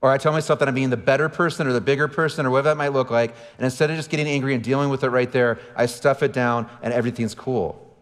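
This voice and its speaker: A pastor, preaching a sermon and telling stories about himself with self-deprecating humor, picked up by a stage microphone in a large church auditorium. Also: male voice, medium pitch, steady tone, fast. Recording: church livestream with long hall reverb.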